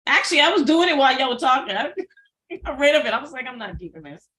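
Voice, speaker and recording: A middle-aged woman co-hosting a casual chat review, chatty and exclaiming with quick asides. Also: high voice, bright, forceful tone, reverberant. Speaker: co-host.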